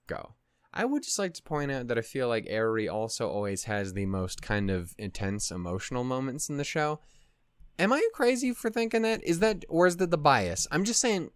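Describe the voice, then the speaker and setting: A man's voice: mid-range voice, clean tone, no echo, clean studio sound. A young man casually rambling and swearing while reacting to an anime at his desk at home. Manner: rambling, profane, laughs often.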